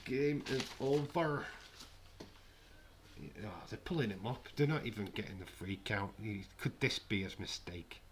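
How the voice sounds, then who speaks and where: A man giving jokey, casual commentary on a live watch-along stream from his flat. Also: fairly low pitch, a little fast, few pauses, slight background noise. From United Kingdom. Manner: jokey, banters with chat. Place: home, in a flat.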